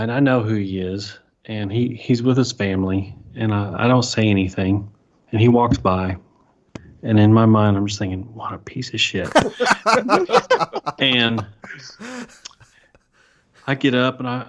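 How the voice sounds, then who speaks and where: A man on a late-night podcast with a dry, blunt way of landing a joke. His voice sits at a middle pitch, and the recording is muffled and lo-fi. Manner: dry, blunt punchline delivery. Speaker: podcast co-host.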